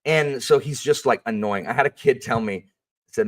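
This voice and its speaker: A man who works as a history teacher, telling a story in a casual, animated and rambling way, full of fillers. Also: mid-range voice, moderate pace, far from the mic.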